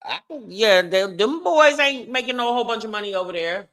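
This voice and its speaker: Chatty woman with a bright, lively voice. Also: mid-range voice, a little fast. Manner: chatty, opinionated, addresses viewers as y'all. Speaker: commentary host. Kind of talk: casual gossip commentary.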